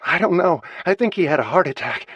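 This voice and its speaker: A man's voice: medium pitch, lively intonation, fairly quick, no echo, pitched above the performer's own voice, lightly acted. A male audiobook reader voicing a grief-stricken woman in her forties, distraught with a breaking voice. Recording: slightly muffled dry recording.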